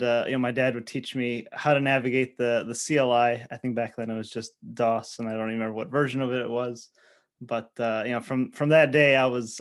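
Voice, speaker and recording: A man guesting on a podcast, telling his background in a relaxed, rambling way with many fillers. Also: medium pitch. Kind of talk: casual podcast chat.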